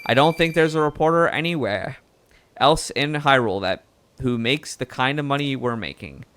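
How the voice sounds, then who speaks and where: A man's voice: medium pitch, expressive, normal speed, a bit bright, voice pushed up, close to an everyday voice. A man reading a chatty male bird reporter in a game, putting on a Southern American accent.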